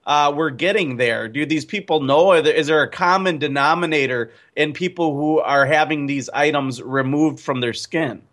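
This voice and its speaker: A man's voice: fairly high pitch, moderate pace, few pauses, fairly bright tone. A man hosting an interview, asking musing, conversational questions. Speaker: host. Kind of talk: casual interview talk.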